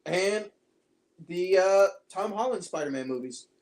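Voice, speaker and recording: A podcast co-host chatting casually about movies, animated and acting out quotes. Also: unhurried. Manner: animated, acts out quotes with big pitch jumps.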